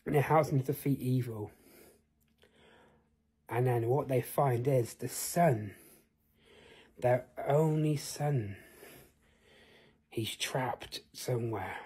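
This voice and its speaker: A man's voice: mid-range voice, slow pace, long pauses, dark tone, husky. A man telling an improvised fantasy tale in a rambling way, asking the listener questions. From United Kingdom. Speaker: storyteller.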